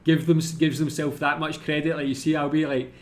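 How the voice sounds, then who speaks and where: A man's voice: fairly high pitch, little pitch movement, brisk. A Scottish man hosting a casual reaction video, chatty and self-deprecating, often tacking "man" onto his sentences. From Scotland.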